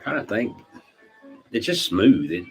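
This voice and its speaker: A man, chatting casually on a live stream, rambling through stories, clearing his throat often and laughing at his own jokes. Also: lowish voice, sing-song, a little slow, soft background music, poor audio. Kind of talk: casual chat.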